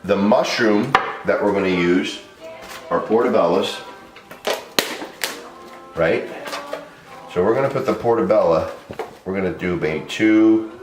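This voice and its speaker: Low-voiced man in an echoey kitchen. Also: unhurried, pauses often, over music. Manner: chatty and loose, laughs often, talks to camera crew. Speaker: home cook vlog host. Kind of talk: casual cooking demonstration. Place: home kitchen.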